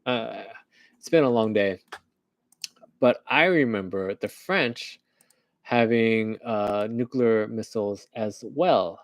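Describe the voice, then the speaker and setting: A man's voice: lowish voice, slow pace, no echo. A man from the United States giving rambling, joking current-events commentary on a livestream, often laughing at his own jokes.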